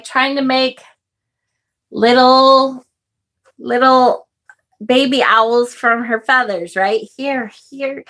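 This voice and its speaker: A woman's voice: a little high, a bit bright. A middle-aged woman hosting a live tarot stream in a chatty way, greeting viewers, reading out their comments and getting emotional over the card pictures. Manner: emotional, gasps and exclaims over card images. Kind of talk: casual live-stream chat.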